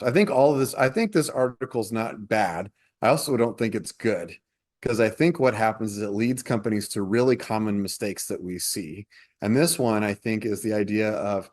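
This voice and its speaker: A man co-hosting a consulting podcast, explaining workplace systems in a measured, list-like way. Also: on the low side, a little mellow. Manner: measured, explanatory, lists points. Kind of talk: casual podcast discussion.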